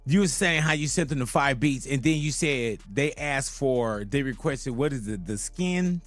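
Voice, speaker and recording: A man's voice: medium pitch, animated, moderate pace, fairly bright tone, no room sound. A man interviewing, mostly giving short affirmations and laughs.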